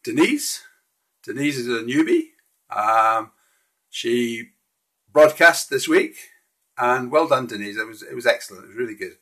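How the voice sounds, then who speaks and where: Husky-voiced man hosting a live stream. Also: mid-range voice, sing-song, unhurried, pauses often, pushed and bright. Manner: friendly, hesitant, frequent restarts. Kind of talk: casual live-stream walkthrough of slides.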